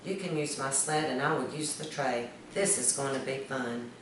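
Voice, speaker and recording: A woman voicing an eager, excited young boy in a children's story read aloud. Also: extremely low pitch, moderate pace. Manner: eager, pleading. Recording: echoey room, distant mic, noise.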